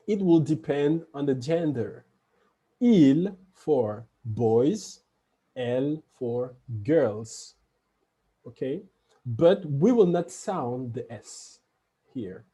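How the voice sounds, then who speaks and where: A man leads an online French lesson at an unhurried pace. His voice is mellow and slightly husky. He says each example twice and then explains it patiently. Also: on the high side. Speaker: French teacher.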